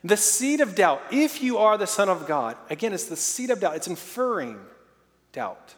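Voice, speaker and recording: A man in his thirties preaching a sermon in a lively, storytelling way. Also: high-pitched, normal speed, in a large hall. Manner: lively, storytelling with playful sound effects.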